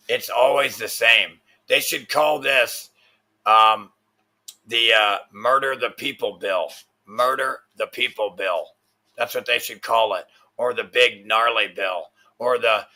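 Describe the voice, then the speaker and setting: A man's voice: mid-range voice, steady tone, unhurried, creaky, sharp tone. A man hosting a livestream, ranting with constant swearing and frustrated rambling. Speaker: livestream host.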